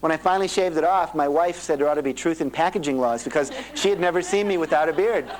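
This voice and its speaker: A man's voice: fairly high pitch, fast talker, rough recording. A middle-aged man speaking at a live motivational seminar, telling stories and acting out the voices of the people in them, from an old cassette tape. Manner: animated storytelling, acting out quoted voices.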